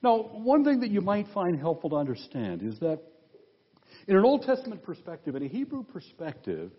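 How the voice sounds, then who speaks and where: A man gives a teaching sermon with a slightly husky, fairly high voice that rises and falls in lively swings. He reads scripture aloud and stops to question his listeners. The recording sounds dull and lo-fi. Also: normal speed. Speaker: pastor. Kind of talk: expository sermon.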